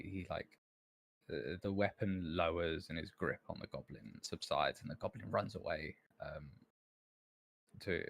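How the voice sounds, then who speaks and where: A man's voice: deep voice, creaky, slightly rough. A man narrating as game master of a tabletop game, hesitant and full of restarts. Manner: hesitant, many ums and restarts.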